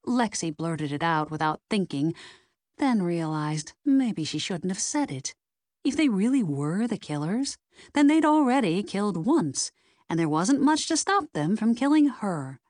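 A woman narrating a mystery novel in an expressive, measured reading. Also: mid-range voice, no room sound, clean studio sound. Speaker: audiobook narrator.

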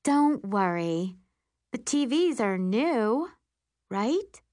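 A woman reading an audiobook, voicing a calm classmate who reassures her friends slowly and gently. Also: medium pitch, no room sound, clean studio sound, voice pushed up. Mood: reassuring. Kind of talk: audiobook character voice.

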